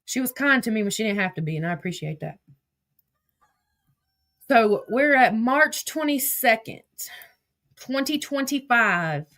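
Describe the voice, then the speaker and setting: A woman's voice: on the high side, animated, measured pace, long pauses, a bit bright. A woman with a Southern accent, chatting on a livestream, cursing freely and reading out text messages. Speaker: livestream host. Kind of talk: casual livestream storytelling.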